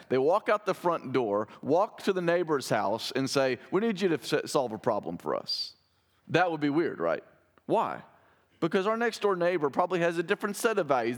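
A man preaching a sermon in a conversational way, asking his listeners rhetorical questions. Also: a little high. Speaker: pastor.

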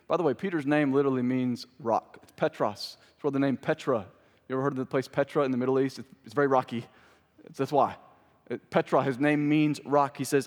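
A male pastor preaching a sermon. He swings between loud proclamation and quiet conversational asides, repeats phrases for emphasis and puts questions to the congregation. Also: mid-range voice, brisk. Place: church sanctuary. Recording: long hall reverb.

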